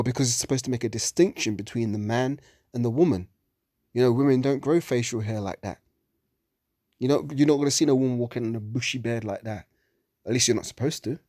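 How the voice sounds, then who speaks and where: A man's voice: medium pitch, darkish tone, no room sound, clean studio sound. A man gives a heated religious commentary monologue, ranting and swearing often.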